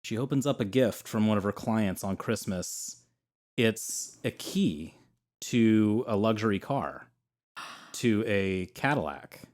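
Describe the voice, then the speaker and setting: A man's voice: on the low side, takes it slowly. A young man co-hosting a casual podcast chat, telling a story and acting out the quotes. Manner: animated storyteller, acts out quotes. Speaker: podcast co-host.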